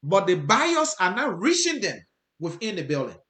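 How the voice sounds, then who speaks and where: A man's voice: sits high, huge pitch swings, normal speed, a bit bright. A man with a Liberian accent giving commentary to his viewers, earnest, repeating his points for emphasis. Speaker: host. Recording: roomy, echoey sound.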